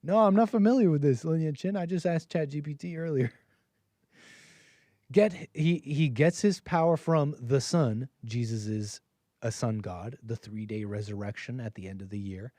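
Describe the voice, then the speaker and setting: Man, 30s, livestream host, casual rambling talk, chuckles often, reads viewer messages aloud, mellow voice, mid pitch. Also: a little slow, no room sound. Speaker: host of a call-in stream.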